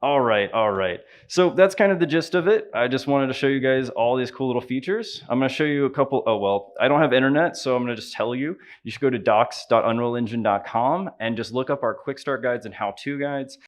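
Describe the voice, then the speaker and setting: A man with a Southern US accent giving a live conference tutorial, upbeat and chatty, joking with the audience as he runs a software demo. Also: medium pitch, a little fast, few pauses. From Southern United States. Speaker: conference presenter.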